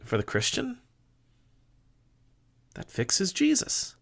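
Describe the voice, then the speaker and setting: A man's voice: high voice, wildly swooping pitch, slow, creaky. Man giving a casual faith talk. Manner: conversational, musing, with restarts and bursts of emphasis. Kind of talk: informal sermon-style talk.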